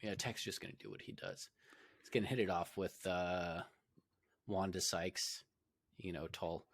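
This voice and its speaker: Deep-voiced man chatting casually. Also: a little slow, no room sound. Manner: relaxed, rambling with many fillers. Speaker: podcast co-host. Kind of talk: casual chat.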